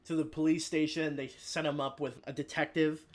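A man with a slightly high voice chatting casually as he retells a movie plot. He rambles and swears freely. He drops in quick voiced lines for the characters. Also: flat delivery.

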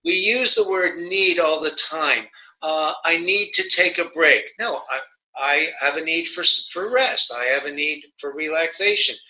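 A man's voice: a little high, sharp tone, poor audio. A man being interviewed as a guest, talking through communication ideas with frequent restarts and acted-out examples. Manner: halting, many restarts, acts out quoted examples. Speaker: guest, nonviolent communication educator. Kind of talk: conversational interview.

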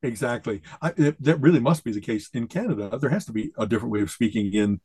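A man co-hosting a podcast, chatting casually in an animated, jokey way and often asking "you know what I mean?". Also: medium pitch, fast, slightly rough, dry recording. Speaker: podcast co-host. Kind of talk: casual chat.

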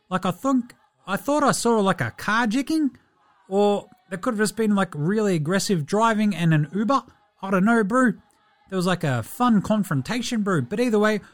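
A man playing a laid-back, friendly New Zealand basketball player in a comedy bit, putting on a New Zealand accent and rambling chummily through a mock diary entry. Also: high-pitched. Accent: New Zealand (put on). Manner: chummy, rambling, says "bro" and "eh" constantly.

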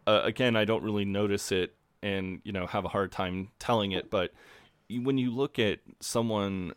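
A man co-hosts a podcast in a low voice, recorded dry and close. He talks casually and hesitantly, full of ums and you-knows. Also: fairly even intonation, normal speed, smooth, dry recording. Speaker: podcast co-host.

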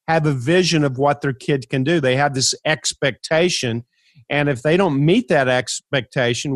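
A man hosting a podcast interview, telling stories in an emphatic, animated way. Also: fairly high pitch, dry recording. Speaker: podcast host. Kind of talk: conversational interview.

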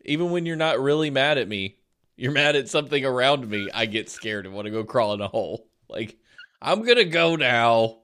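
Animated young man, laughing podcast host. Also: medium pitch, normal speed, clean tone. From Florida. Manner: animated, laughs often, acts out quotes. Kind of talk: casual podcast chat.

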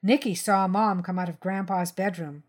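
A woman reading a crime short story aloud in first person, steady and tense. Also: lowish voice, moderate pace. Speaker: story reader.

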